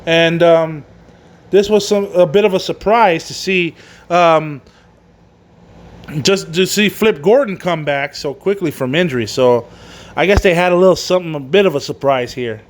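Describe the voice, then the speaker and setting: A man's voice: a little high, moderate pace. A man hosting a casual solo wrestling review, rambling and swearing, with many fillers and restarts. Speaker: wrestling podcast host.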